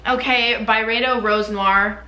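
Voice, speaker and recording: Bright, chatty young woman vlogging. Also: a little high, steady tone, measured pace, echoey room. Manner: chatty, candid, lots of fillers. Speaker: beauty vlogger. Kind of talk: casual chat.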